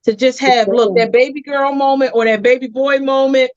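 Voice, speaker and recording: A woman's voice: high voice, steady tone. Earnest woman host, dull lo-fi sound. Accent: Philadelphia. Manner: earnest, heartfelt storytelling, slow and emphatic. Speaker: host, community advocate. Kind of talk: interview talk show.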